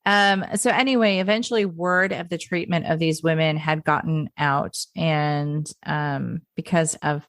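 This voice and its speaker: Chatty woman podcaster with a lowish voice. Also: steady tone, measured pace, few pauses, fairly bright tone, dry recording, studio quality. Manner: chatty, laughs often, many fillers and restarts. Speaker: podcast co-host. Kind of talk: casual history podcast chat.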